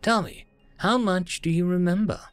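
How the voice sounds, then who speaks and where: A courteous, softly apologetic afterlife administrator, voiced by a male narrator, pitched noticeably higher and a touch louder than the narration. The delivery is gentle and a little hesitant, set against faint music in a dry, close recording. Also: moderate pace, no echo, lightly acted. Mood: polite.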